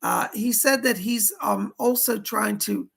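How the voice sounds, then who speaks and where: A man hosting a live psychic reading stream. He sounds hoarse as he chattily relays spirit messages and thanks viewers by name. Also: sits high, fairly even intonation, measured pace, fairly bright tone. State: dry throat, hoarse.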